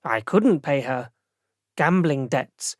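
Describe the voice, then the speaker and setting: Jittery young elf singer, put on by a male narrator, nervous squeaky voice, audiobook reading. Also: animated, slow pace, no echo, clean studio sound. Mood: anxious.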